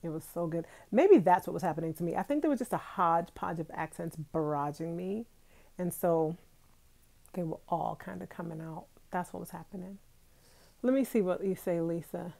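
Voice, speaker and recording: A woman's voice: fairly low pitch, normal speed, creaky, mellow. A woman in her thirties hosting a casual live stream from her bedroom, chatty and talking straight to her viewers. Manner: chatty, talks straight to viewers, laughs often. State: itchy nose from allergies. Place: bedroom at home.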